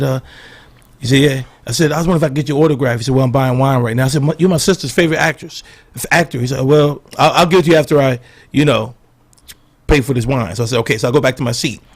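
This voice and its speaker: A middle-aged man and comedian guest, telling animated stories and acting out the quotes in casual podcast banter. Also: medium pitch, quick pace. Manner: animated storyteller, acts out quotes. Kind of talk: storytelling banter.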